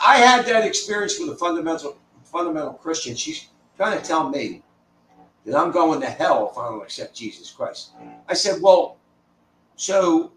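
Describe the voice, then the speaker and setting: A man tells a blunt, swear-heavy story, his voice a little high and bouncing through a wide pitch range. He sounds far from the mic in a roomy, echoey space, with a faint hiss underneath. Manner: blunt, profane, animated. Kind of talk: casual storytelling chat.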